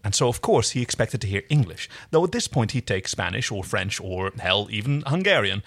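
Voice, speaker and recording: A man's voice: lowish voice, big pitch swings, brisk, vocal fry, fairly bright tone. A man co-hosting a podcast, reading fan fiction aloud with wry, chatty asides. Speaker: podcast co-host.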